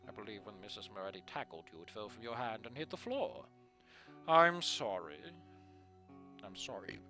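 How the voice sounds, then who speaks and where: A man voicing a stern, formal male school official who speaks calmly and in measured phrases. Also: lowish voice, faint music behind, voice pushed down.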